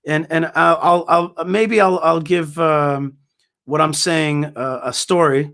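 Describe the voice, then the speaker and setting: A man's voice: fairly high pitch, steady tone, slow pace, fairly bright tone. A man speaking as a guest in conversational storytelling, emphatic and full of restarts and repeated words. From Israel.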